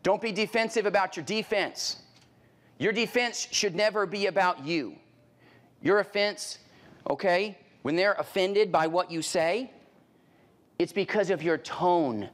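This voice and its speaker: Speaking unhurriedly in a somewhat high voice, a middle-aged man runs a live sales training. He uses punchy, repeated phrases and rhetorical questions to the room, erupting into loud exclamations while acting out little scenes.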